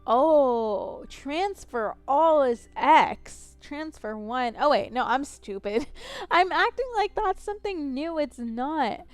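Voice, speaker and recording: Speaking slowly in a high, animated voice, a gaming streamer in her twenties rambles casually as she plays, counting out loud and teasing herself. There's no echo, just faint music behind her.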